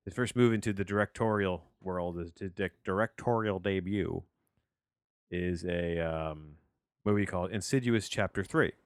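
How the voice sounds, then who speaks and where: Deep-voiced man rambling through a movie review. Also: dry recording, clean studio sound. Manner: rambling, many restarts and fillers, wry asides. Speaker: podcast host reviewing a movie.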